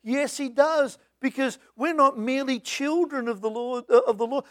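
A male preacher, delivering a sermon that swings between booming lines and hushed, half-sung hymn verses. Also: normal speed, hardly any pauses, no room sound, studio quality.

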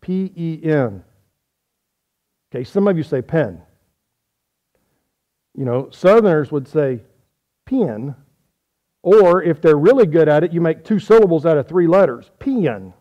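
Guy preaching, folksy and jokey, kinda high voice, keeps asking the crowd stuff. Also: moderate pace, dark tone, highs cut off. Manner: folksy, joking, quizzing the audience. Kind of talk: sermon with audience questions.

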